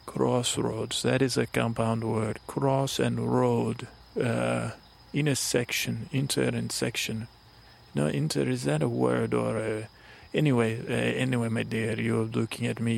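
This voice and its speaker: A man's voice: mid-range voice, gravelly, full character voice. A man voicing a talking letter puppet, a flowery, doting male figure who rambles in a courtly way and fusses over word games.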